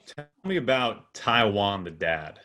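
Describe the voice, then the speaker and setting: A man's voice: on the low side, big pitch swings, measured pace, bright, forceful tone. A man hosting, asking conversational questions with a few restarts. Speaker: broadcaster host. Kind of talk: interview questions.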